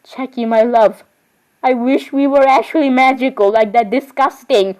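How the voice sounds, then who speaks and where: A woman's voice: fairly high pitch, fairly even intonation, normal speed, darkish tone, poor audio. A woman voicing every doll in an improvised role-play, talking in a rambling, chatty way with sudden surprised squeals. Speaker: voicing all the dolls in a homemade role-play.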